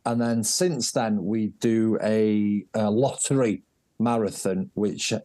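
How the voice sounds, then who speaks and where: Animated man telling stories. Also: fairly low pitch, takes it slowly, dry recording. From North Wales. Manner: animated, jokey storyteller. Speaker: podcast guest, race director. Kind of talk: casual interview storytelling.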